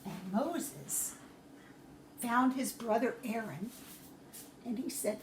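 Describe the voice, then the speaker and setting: Woman teacher, storytelling for young children, high voice, slow gentle pace, echoey room. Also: animated.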